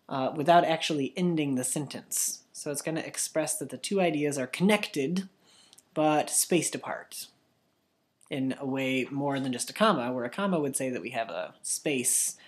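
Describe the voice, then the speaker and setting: A woman leads a children's language lesson in a low voice. She talks slowly and patiently, stretching out words so young pupils can repeat them. Her pitch swings widely as she goes. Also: darkish tone. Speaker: teacher.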